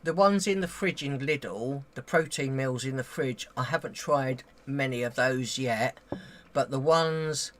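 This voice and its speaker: Bright-voiced man, easygoing co-host. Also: medium pitch, measured pace. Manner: chimes in with short agreements, easygoing. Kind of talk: casual live-stream chat.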